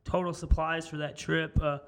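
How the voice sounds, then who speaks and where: A man's voice: on the high side, level tone, normal speed, gravelly. A young man co-hosting a podcast, telling rambling stories packed with "like" and swearing. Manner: rambling, filler-heavy, says "like" constantly. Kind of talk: casual profane storytelling chat.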